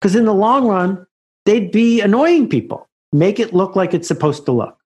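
A man's voice: high voice, animated, normal speed, darkish tone. A man, an author, talking as a guest in an interview and building anecdotes toward a punchline. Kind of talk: conversational storytelling.

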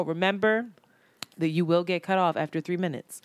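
A woman's voice: lowish voice, normal speed, clear, resonant tone. A woman co-hosting a podcast in casual chat, slangy, laughing often and talking freely. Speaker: podcast co-host.

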